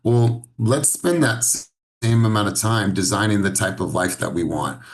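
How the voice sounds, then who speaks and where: A man's voice: lowish voice, normal speed. A man leading a coaching session on a video call, earnest and encouraging, asking the group many questions. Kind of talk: coaching talk.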